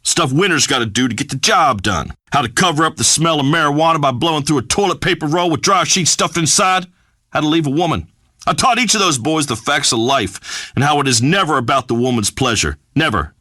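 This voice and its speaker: Pompous macho redneck radio host: high, bright, lively, dry read. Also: male voice, no echo. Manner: blustering, pompous pronouncements. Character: brash macho redneck male radio host, middle-aged. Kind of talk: scripted radio comedy acting.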